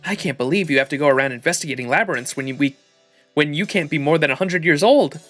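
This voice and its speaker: A kindly, fussing village woman, read aloud by a male streamer. She talks in a sympathetic, fretting way, with a slightly raised pitch. Faint music plays behind. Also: quick pace, a bit bright, natural voice.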